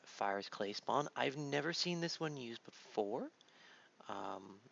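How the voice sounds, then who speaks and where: Taking it slowly, this dad narrates a gameplay video in a rambling, relaxed style full of fillers, sounding worn out at his home computer. His medium-pitched voice is gravelly, expressive, and fairly bright, and the dull lo-fi mic picks up faint noise.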